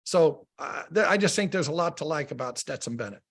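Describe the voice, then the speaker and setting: A middle-aged man breaks down football in easy, storytelling sports talk, his voice gravelly and a little husky and set fairly high. He gets animated and stacks up repeated words as he starts each point. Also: brisk. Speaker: radio analyst.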